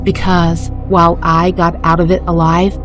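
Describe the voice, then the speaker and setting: A woman reading a scripted first-person horror story in a measured, dramatic way. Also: fairly low pitch, flat delivery, over music. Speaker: story narrator.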